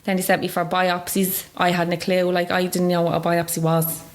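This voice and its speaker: Fast-talking Dublin Irish woman. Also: lowish voice, completely flat delivery. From Ireland. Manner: fast, chatty storytelling full of "like" and quoted dialogue. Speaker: guest. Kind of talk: personal storytelling in an interview.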